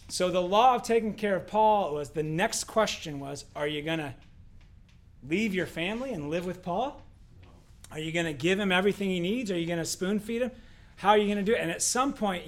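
A man co-hosting a casual faith discussion, telling a story in an animated way with rhetorical questions. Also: high voice. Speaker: co-host.

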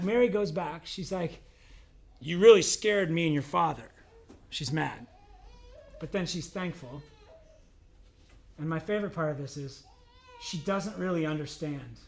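A male pastor preaching a conversational sermon, asking the congregation questions and acting out quoted voices. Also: high-pitched.

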